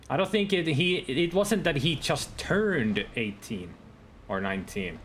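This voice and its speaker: A man's voice: on the high side, animated, a little slow, fairly bright tone, slight background noise. A man streaming a game live, chatting casually with his viewers and reading out on-screen text. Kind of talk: casual gameplay commentary to live chat.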